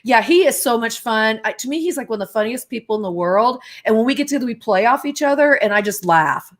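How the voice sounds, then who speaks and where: A woman's voice: on the high side, animated, fast. A woman in her sixties, a guest on a live video-call chat, talking chattily and laughing often. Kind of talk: casual live-chat interview.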